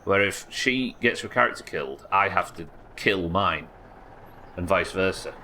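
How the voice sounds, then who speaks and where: Low-voiced man chatting on a live game stream. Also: measured pace, sharp tone, a little hiss or hum. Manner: casual, chatty, swears, answers viewers. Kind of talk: live gaming stream chat.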